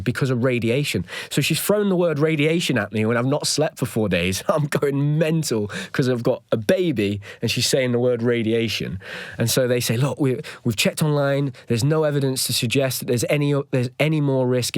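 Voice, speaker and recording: A young man hosting a podcast, recounting a personal story in an animated, increasingly agitated way. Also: medium pitch, dry recording, studio quality. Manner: animated retelling with rising agitation. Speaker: podcast host. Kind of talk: solo storytelling.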